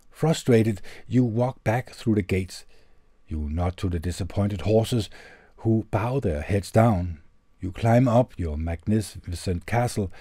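A man with a Danish accent calmly reading a self-help book aloud on his channel, in a measured way. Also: lowish voice, no room sound, clean studio sound. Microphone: tube studio microphone.

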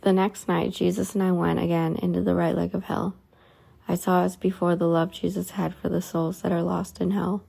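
A woman's voice: lowish voice, flat delivery, moderate pace, vocal fry, dark tone, husky. A woman reading a religious book aloud in an earnest, pleading way.

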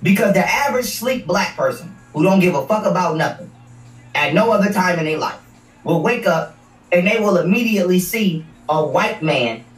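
A man hosting a livestream, ranting in a combative, profane way and repeating words as he hammers his points. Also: high-pitched. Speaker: livestream host. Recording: echoey room, distant mic.

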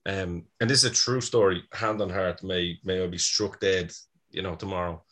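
A man's voice: low-pitched, steady tone, moderate pace, a bit bright. Laughing Irish man telling stories. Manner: storytelling, laughs often, swears freely. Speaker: podcast co-host. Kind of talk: casual chat.

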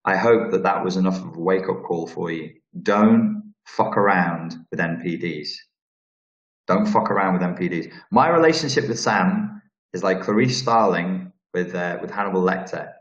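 A man's voice: sits low, a little fast. A man with a Scouse accent hosting a live question-and-answer stream, blunt and profane, rambling with restarts. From Liverpool, England. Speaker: channel host answering viewer questions. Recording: roomy, dull lo-fi sound.

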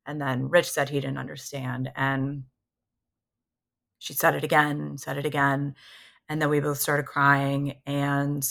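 Low-pitched, bright-toned woman telling her story. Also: a little slow, vocal fry. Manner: candid, animated retelling that acts out what others said. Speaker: podcast guest. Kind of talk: personal storytelling in a conversation.

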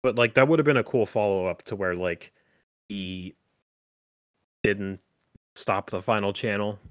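In a casual movie chat, a man with a somewhat low voice hosts a podcast and talks through a horror film plot, rambling with many fillers and restarts. He keeps a measured pace, and the recording is dry, close, and clean, with no echo or room sound.

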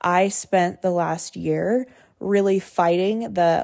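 Her voice is on the low side, creaky and darkish, and she speaks slowly. A woman in her twenties, she hosts a solo podcast where she talks earnestly and frankly from the heart, with occasional casual swearing.

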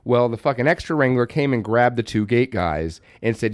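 A man co-hosting a podcast, telling profane anecdotes in an animated, casual way. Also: mid-range voice, moderate pace, no room sound, studio quality. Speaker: podcast co-host.

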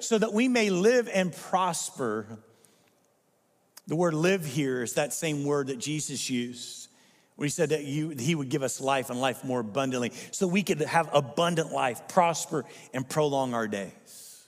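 Man, pastor, emphatic sermon, rhetorical questions, high voice, long hall reverb. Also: lively intonation, a little slow.

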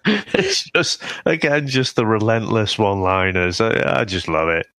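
A man's voice: on the low side, animated, unhurried, fairly bright tone, no echo. A man co-hosting a film review chat, laughing often as he retells favourite scenes. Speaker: film review podcast co-host. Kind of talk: casual chat.

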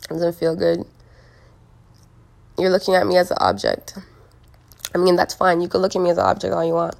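A young woman rambling through a casual monologue. She is blunt and profane, leans on lots of likes and you-knows, and her voice is hoarse from smoking. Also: fairly low pitch, fairly quick, darkish tone. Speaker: solo monologue recorder.

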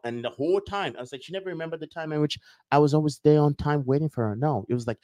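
Fast-talking man with a rambling teaching style. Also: mid-range voice, animated, mellow, dry recording. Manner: rambling, acts out little scenes with voices. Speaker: self-help video host. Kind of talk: casual teaching talk to viewers.

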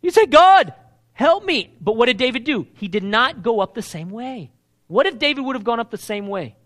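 Male preacher, sermon, very high voice, bright tone, animated questioning delivery. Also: brisk. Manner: animated, asks the crowd questions, acts out quoted lines.

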